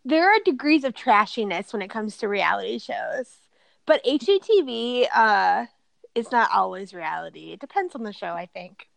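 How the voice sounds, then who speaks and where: A young woman in her twenties, co-hosting a podcast and chatting in a playful, animated way. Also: medium pitch, normal speed, vocal fry, no room sound. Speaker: podcast co-host. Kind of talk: casual chat.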